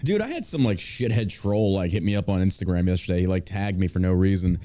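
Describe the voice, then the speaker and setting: A man's voice: sits low, animated, quick pace, dark tone. A man hosting a podcast in casual banter, brash and profane, mocking his critics. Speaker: podcast host.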